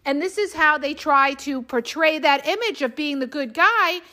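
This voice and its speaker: A woman's voice: high-pitched, normal speed, pushed and bright. A middle-aged woman hosting a podcast, talking bluntly and with emphasis as she keeps checking in with "okay?". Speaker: podcast host and relationship coach. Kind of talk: casual monologue.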